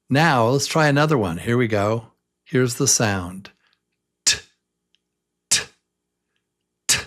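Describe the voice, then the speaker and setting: A man leads a beginner English lesson at a very slow, careful pace, going over each sound again and again. His voice has a gravelly, creaky edge, and he patiently asks the learner to repeat after him. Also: medium pitch. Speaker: English teacher.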